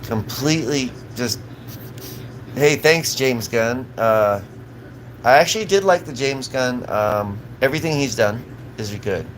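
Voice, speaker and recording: A man streams live, ranting in a profane, agitated voice. He rambles and restarts his sentences constantly, his pitch sitting in a plain middle range for a man. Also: animated, a little slow, background noise. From Southern California.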